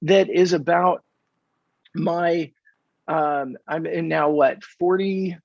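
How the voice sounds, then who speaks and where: A man's voice: a little high, slow, creaky, no room sound. An American man from California in his fifties, a podcast guest telling stories in a casual interview and acting out the dialogue with energy. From California, USA. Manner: animated storyteller who acts out dialogue. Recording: dull, dry remote podcast audio.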